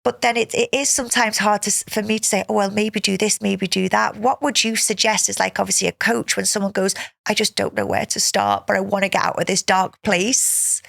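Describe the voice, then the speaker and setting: A woman hosting a podcast interview, effusive and chatty, laughing often and thinking out loud. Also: medium pitch, steady tone, a little fast, vocal fry, few pauses, no echo, studio quality. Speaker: podcast host. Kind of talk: casual interview chat.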